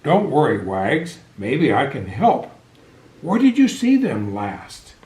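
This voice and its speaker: A man voicing a scruffy male cat who talks in a calm, helpful way. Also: mid-range voice, takes it slowly. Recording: echoey room.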